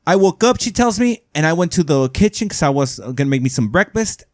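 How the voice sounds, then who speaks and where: A man's voice: a little high, very animated, a little fast, darkish tone, no room sound, clean studio sound. A man hosting a podcast, telling a story in a rambling way and often asking "right?". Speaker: podcast host. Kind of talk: casual storytelling.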